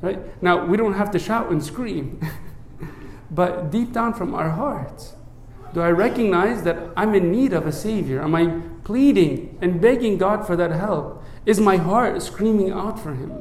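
A man who is a priest, preaching a sermon in an earnest way, often checking in with "right?" and dropping low and soft when he recites a prayer. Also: unhurried, reverberant, slight background noise. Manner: earnest, asks many rhetorical "right?" checks.

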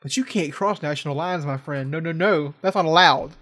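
High bright-voiced young dude on a podcast, super animated, swears a lot. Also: male voice, fairly quick. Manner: animated, swearing, mock-outraged. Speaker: podcast co-host. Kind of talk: casual podcast chat.

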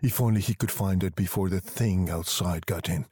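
Male storyteller, low husky voice, measured reading, dry close sound. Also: mellow, no room sound. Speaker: narrator. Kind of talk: scripted story narration.

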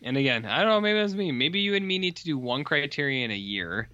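A podcast co-host rambles through his stories with a deadpan, offhand manner. His voice is bright and forward. The sound is dry and slightly dull, like a lo-fi home setup. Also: fairly high pitch, a little fast, no echo. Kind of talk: casual chat.

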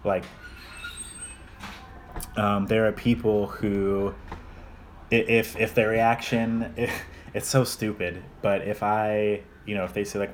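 A man's voice: lowish voice, little pitch movement, slow pace, long pauses, slight background noise. A young man co-hosting a casual podcast chat, talking in long rambling stretches with frequent restarts. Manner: rambling, repeats and restarts, self-deprecating. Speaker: podcast co-host.

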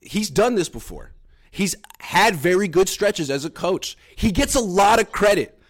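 Man, sports journalist, lively voice, a bit high, defensive, heated podcast debate. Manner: defensive, laughing, quick rebuttals. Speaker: sports journalist covering the team.

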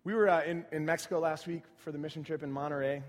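A young male pastor delivers a sermon in a lively storytelling manner, dropping to soft, reflective asides before building to loud, excited bursts. His voice sits fairly high for a man. A long reverb trails every phrase, as in a large hall. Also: fast.

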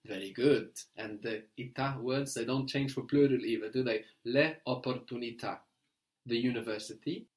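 A man's voice: mid-range voice, normal speed. A man teaching a language lesson, patiently prompting and correcting a learner.

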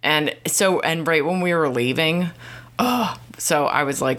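A woman's voice: extremely low pitch, slow pace, a bit bright. A woman ranting casually to camera, irritated and profane, rambling with lots of fillers. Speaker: vlogger.

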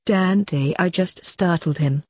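A woman voicing a sardonic young male reaper prince who talks in a mocking, offhand way, with a husky voice. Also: lowish voice, slow, a little mellow, no echo, clean studio sound.

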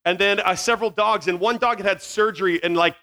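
Quick-paced and high, with a pushed, bright tone, this man's voice belongs to a Virginian in his forties who has no regional accent. Wearing a headset mic at a youth camp, he jokes with middle schoolers, mocking himself and darting scatteredly from tangent to tangent.

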